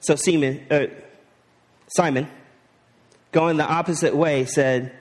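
High-voiced conversational male preacher. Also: steady tone, slow, in a large hall. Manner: conversational preaching, asks rhetorical questions and slips into slang. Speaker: pastor. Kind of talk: sermon.

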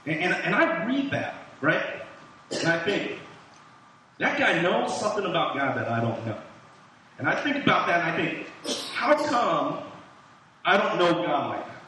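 A man preaching a sermon, teaching a Bible passage in a lively, conversational way with frequent restarts. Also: high-pitched, measured pace, pauses often, a little hiss or hum. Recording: echoey room from a distant mic.

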